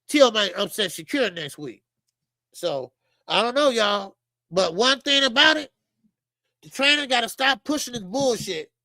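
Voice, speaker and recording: A woman's voice: on the high side, bright, forceful tone, dry recording, low-quality recording. A woman hosting a boxing channel, giving a blunt, profane, opinionated monologue straight to her viewers. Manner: blunt, profane, rhetorical, talks to viewers as y'all.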